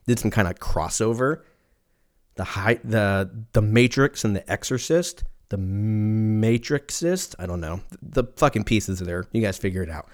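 A man's voice: fairly low pitch, a little mellow. A man hosting a casual solo podcast, rambling off on tangents, swearing freely and laughing at his own jokes. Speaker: podcast host.

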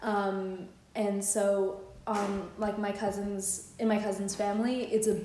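A woman's voice: mid-range voice, level tone, measured pace, mellow, roomy sound, slight background noise. A woman co-hosting a podcast, chatting in a rambling way with lots of fillers and laughter, and reading a poem aloud. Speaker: podcast co-host. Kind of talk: casual chat and poetry reading.

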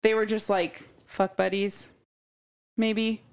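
A woman's voice: medium pitch, level tone, slow, clean tone. A woman co-hosting a podcast, chatting casually and bluntly about a book, laughing often. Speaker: podcast co-host. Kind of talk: casual book club chat.

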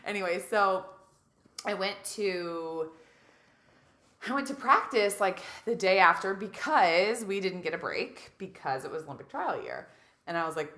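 A woman in her thirties, a guest casually telling a story, animated and acting out quotes, saying "like" a lot. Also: medium pitch, unhurried, reverberant. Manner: animated, acts out quotes, heavy use of "like".

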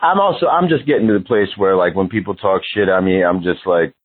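A man's voice: sits low, brisk, husky. Profane laid-back New man on a phone line. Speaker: interview guest. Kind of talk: casual interview talk. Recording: phone-line radio sound.

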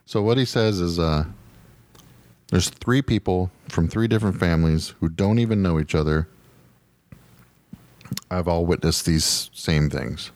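A man's voice: sits low, a little slow, pauses often, darkish tone, dry recording. A man hosting a podcast, chatting loosely and joking as he reads out a story. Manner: loose, joking, laughs easily. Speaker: podcast host. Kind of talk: casual chat.

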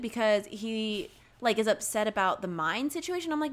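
A woman's voice: a little high, expressive, fairly quick, a bit bright. A young woman co-hosting a podcast, chatting casually and rambling as she acts out lines from a movie. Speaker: podcast co-host. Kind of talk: casual chat about a movie.

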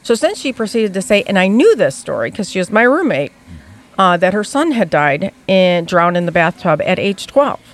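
A woman's voice: mid-range voice, sing-song, normal speed. A middle-aged woman, a podcast guest, frankly telling her story and acting out the dialogue she quotes. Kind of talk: candid personal storytelling.

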